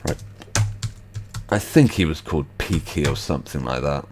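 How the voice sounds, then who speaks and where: Man, very low voice, skeptical host, rambling commentary, lots of fillers. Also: lively intonation, moderate pace, over music. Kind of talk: casual commentary over video clips.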